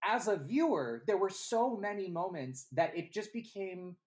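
A podcast co-host in casual movie review chat, animated and acting out scenes from the film. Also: mid-range voice, unhurried. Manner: animated, acts out scenes in quoted voices.

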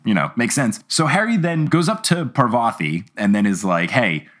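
A man hosting a casual podcast chat, retelling a story in an animated way and acting out the characters' lines. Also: mid-range voice, normal speed. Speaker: podcast host.

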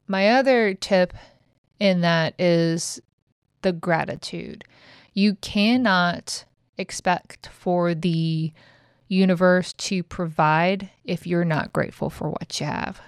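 A woman's voice: on the low side, takes it slowly, clean tone, no echo, clean studio sound. A middle-aged woman who hosts a podcast, talking frankly and casually and swearing now and then. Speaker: podcast host. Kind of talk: casual motivational chat.

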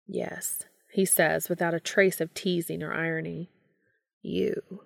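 Woman voicing a serious, low-toned man. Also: flat delivery, vocal fry, long reverb tail. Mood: hushed. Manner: slow, serious, quiet. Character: earnest, serious adult man, intense lover.

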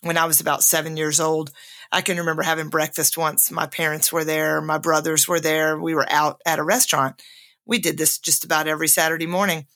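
A woman's voice: low-pitched, level tone, brisk, a bit bright. A middle-aged woman hosting her own podcast, telling a candid personal story in a casual monologue and laughing often. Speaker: podcast host.

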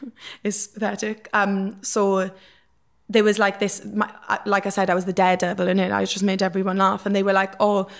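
A woman's voice: medium pitch, monotone, fairly quick, gravelly. A young woman with a Welsh accent, a guest telling stories from her past in a frank, rambling way, full of fillers. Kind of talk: casual candid storytelling.

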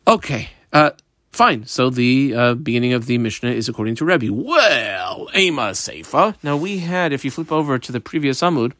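A man with a bright, forceful mid-range voice and lively intonation leads a daily Talmud class at normal speed. He reads the Aramaic aloud and translates along the way, with frequent fillers, while describing the underlines and marks on his page, all in studio quality with no room sound.

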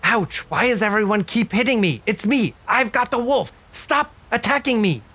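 A high, whiny voice complains and yelps in a tabletop game, as the game master puts it on. It sounds put upon and aggrieved. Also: expressive, moderate pace, a bit bright, slightly rough. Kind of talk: voicing a character in a tabletop game.

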